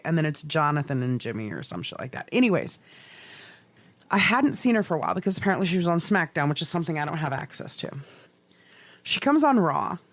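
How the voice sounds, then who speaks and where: Middle-aged woman, podcast co-host; low-pitched, profane, animated storyteller; dry close mic. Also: no echo. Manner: animated, swearing, laughing storyteller. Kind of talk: casual chat.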